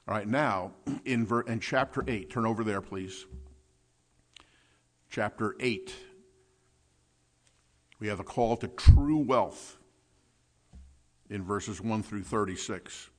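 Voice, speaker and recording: A man preaching a sermon as a pastor, teaching from scripture with repeated words and shifts between soft asides and louder points. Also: on the low side, takes it slowly, long pauses.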